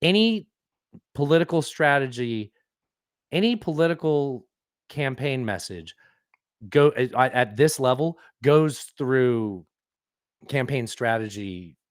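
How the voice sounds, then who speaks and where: A man's voice: mid-range voice, animated, slow pace, pauses often, clear, resonant tone, no echo, studio quality. A man hosting a casual political podcast, opinionated and explaining at length with frequent restarts. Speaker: podcast host.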